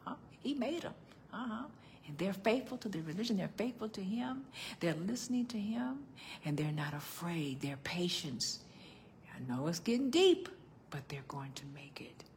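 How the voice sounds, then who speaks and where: An older woman preaching a sermon as pastor, calling out to her congregation and swinging between loud outbursts and hushed tones. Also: medium pitch, sing-song, normal speed, a little hiss or hum. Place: church.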